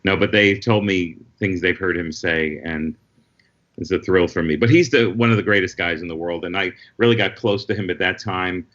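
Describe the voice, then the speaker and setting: A man, a guest comedian, telling lively anecdotes in casual conversation over a video call. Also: low voice, highs cut off. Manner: lively anecdotal storyteller, quick asides. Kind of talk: casual storytelling chat.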